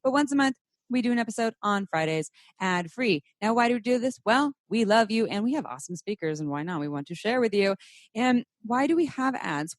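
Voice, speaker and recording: A woman co-hosting a podcast in casual chat, bubbly and quick to laugh. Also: medium pitch, dry recording, clean studio sound. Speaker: podcast co-host.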